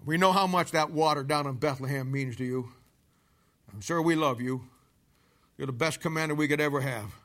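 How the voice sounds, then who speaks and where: A man's voice: on the high side, normal speed, fairly bright tone, close to an everyday voice. A man voicing an earnest young soldier who speaks plainly to his commander.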